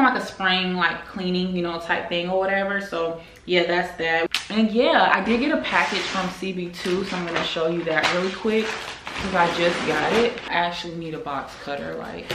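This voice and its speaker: A woman's voice: fairly low pitch, a bit bright. A young woman chatting casually to camera at home, full of "like" and "girl" as she talks to her viewers. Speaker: vlogger. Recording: echoey room.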